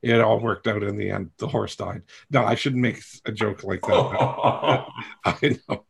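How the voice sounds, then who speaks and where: A man's voice: on the low side, unhurried, gravelly, breathy edge. A man hosting a coaching session, talking to a group in a candid, rambling way with self-deprecating humor. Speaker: coach and host.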